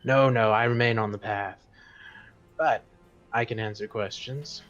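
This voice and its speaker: A man voicing a hulking male drider guardian with a slow, spidery whisper voice and a courteous, faintly menacing manner. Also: fairly low pitch, steady tone, a bit bright, faint music behind. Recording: dull lo-fi stream audio.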